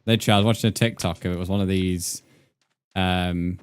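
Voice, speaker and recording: A man's voice: deep voice, fairly even intonation, a little fast, smooth. A young English man streaming a game, chatting casually and joking with his viewers, with faint music behind him. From England. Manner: chatty, joking, swears freely, reads chat aloud. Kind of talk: casual live-stream chat while gaming.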